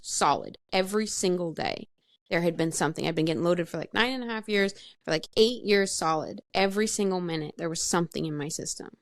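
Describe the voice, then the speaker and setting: A woman's voice: lowish voice, vocal fry, no room sound, studio quality. A woman recounting her past as a podcast guest, frank and matter-of-fact, laughing at herself and peppering her talk with "like". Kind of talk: candid personal storytelling.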